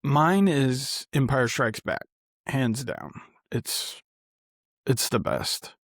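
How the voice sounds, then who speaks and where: A laid-back man co-hosting a podcast, talking slowly and with easy enthusiasm. His voice is dry and close to the mic. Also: mid-range voice, animated, no room sound. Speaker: podcast co-host. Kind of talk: casual chat.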